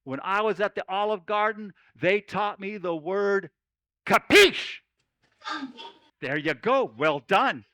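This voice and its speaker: Playful folksy guy from oregon doing a kids camp chapel talk, high voice, really dry mic sound. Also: unhurried, hardly any pauses, no room sound, rough recording. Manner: folksy cowboy storyteller, playful and loud with children. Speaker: camp speaker.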